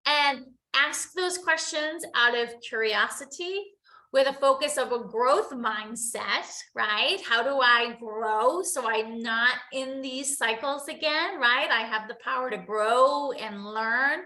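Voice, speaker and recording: Casting: bright, high-pitched woman, an earnest motivational host who repeats herself. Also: takes it slowly, echoey room. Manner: earnest, repeats phrases, asks "right?" often. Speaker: host, coach. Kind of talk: motivational talk to viewers.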